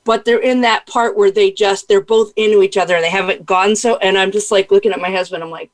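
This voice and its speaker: A woman's voice: mid-range voice, fairly even intonation, fast, hardly any pauses. Playful, chatty woman podcast host. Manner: chatty, laughs easily, playful asides. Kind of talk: casual podcast conversation.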